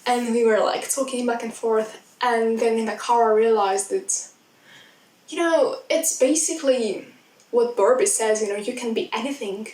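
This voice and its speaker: A young woman chatting excitedly in a rambling film review vlog. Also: fairly high pitch, moderate pace. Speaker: vlogger. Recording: echoey sound, mic at a distance.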